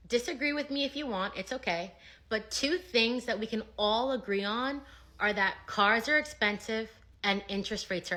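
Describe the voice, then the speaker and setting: A woman's voice: mid-range voice, sharp tone. A woman who works in car sales, answering comments in an assertive, opinionated social media monologue. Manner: assertive, argumentative.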